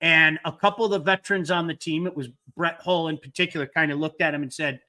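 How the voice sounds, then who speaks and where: A man hosting a casual chat with a high, bright voice. He tells stories animatedly and doubles up on words as he gets going. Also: fast, few pauses. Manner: animated storyteller, repeats words when excited. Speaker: host.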